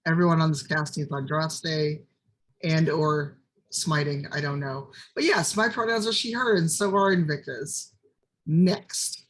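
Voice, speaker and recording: A woman's voice: low voice, unhurried, poor audio. A woman introducing herself on a game livestream with dry, teasing humor. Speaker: player and creative director. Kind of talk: livestream chat.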